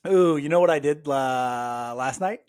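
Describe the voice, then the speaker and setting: A man co-hosting a sports podcast, talking in an animated, exasperated way with plenty of fillers. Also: mid-range voice, unhurried. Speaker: podcast co-host. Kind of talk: casual sports chat.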